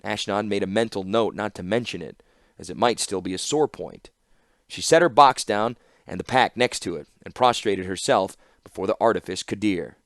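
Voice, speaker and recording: A man narrating an audiobook in an expressive storytelling style. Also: fairly low pitch, moderate pace, no room sound, studio quality. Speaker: audiobook reader.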